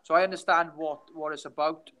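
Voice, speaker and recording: A man's voice: on the high side, steady tone, a little fast, bright, forceful tone, clean tone, rough recording. A young Welsh man talking casually on a video call as a guest fighter, telling stories with many restarts. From Wales. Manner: rambling storyteller, many restarts.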